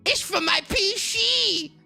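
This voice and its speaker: Whiny young nerd guy, very high squeal, loud, slow and drawn-out, bratty. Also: creaky, soft background music, full character voice. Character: whiny young male PC gamer nerd begging mom.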